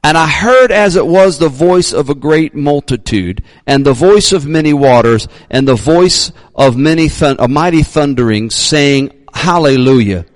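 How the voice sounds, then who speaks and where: A male pastor preaching a sermon, emphatic, sometimes shouting his readings, joking about himself. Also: on the high side, lively intonation, measured pace, hardly any pauses, no echo.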